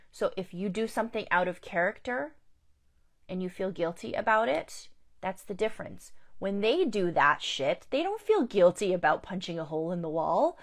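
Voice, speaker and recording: A woman life coach giving a candid, emphatic live talk, repeating her key points. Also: lowish voice. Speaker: life coach and survivor advocate.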